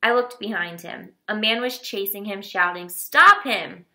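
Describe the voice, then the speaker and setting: A woman narrating a children's novel in a steady, expressive reading voice. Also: medium pitch, normal speed. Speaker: audiobook reader.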